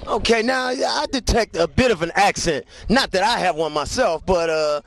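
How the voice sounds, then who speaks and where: A man working as a roving TV host, teasing people in quick vox-pop interviews. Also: high-pitched, expressive, creaky, a bit bright. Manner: joking, teasing.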